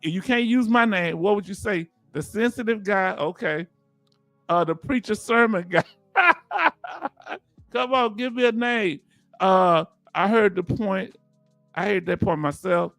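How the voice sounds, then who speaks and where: A man's voice: high-pitched, animated, a little slow, gravelly, fairly bright tone, no echo, soft background music. Laughing Southern man hosting a livestream. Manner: laughs often, loose conversational delivery. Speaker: livestream host. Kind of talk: casual livestream chat reading viewer comments.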